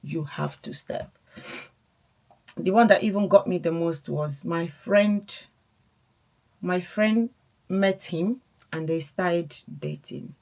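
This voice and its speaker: A young woman talks straight to her viewers while getting ready. Her voice sits a touch lower than most women's, and she rambles in a candid, confiding way, circling back on her own thoughts. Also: takes it slowly, darkish tone. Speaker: vlogger. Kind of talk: casual get-ready-with-me storytelling.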